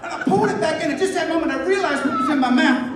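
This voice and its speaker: High-voiced man doing crude stand-up. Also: rapid-fire, a loud crowd, heavy background noise. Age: 50s. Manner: crude storytelling, acts out dialogue. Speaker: stand-up comedian. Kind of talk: stand-up comedy set. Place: club stage with live audience. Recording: echoey hall from far off. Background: audience laughter.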